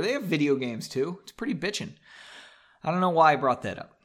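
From a basement studio, a man hosting a comedy show reads a melodramatic story aloud, drinking as he goes and breaking off for sarcastic, mocking asides. His voice is medium-pitched, animated and a bit bright, at a moderate pace.

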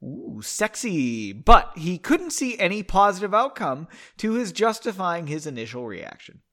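A man's voice: high voice, very animated, normal speed, bright, forceful tone. A man casually reading a story aloud, breaking off to joke, swear and find his place. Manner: joking asides, swearing, loses his place. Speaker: amateur reader.

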